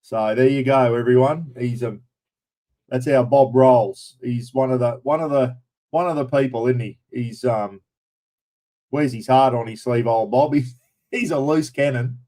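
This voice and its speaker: A man's voice: mid-range voice, a little slow, warm tone, low-quality recording. An Australian man hosting a livestream in casual chat, blunt and chatty, with mild swearing as he greets viewers by name. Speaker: livestream host.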